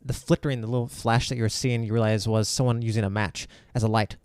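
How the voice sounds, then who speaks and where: A man's voice: lowish voice, flat delivery, quick pace, darkish tone, clean tone, no room sound. A man narrating a tabletop game as game master, rambling with lots of fillers and restarts.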